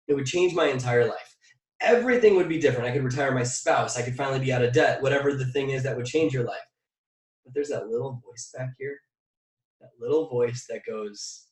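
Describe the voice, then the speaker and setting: A man giving an energetic motivational workshop talk as a mindset coach, putting direct questions to his audience and drilling phrases by repetition. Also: on the high side. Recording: echoey room, distant mic.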